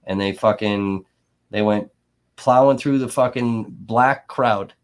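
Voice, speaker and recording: A man's voice: fairly low pitch, slow pace, slight background noise. A man hosting a livestream, talking casually and ranting angrily with heavy swearing. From Milwaukee area. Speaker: livestream host. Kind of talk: profane livestream commentary.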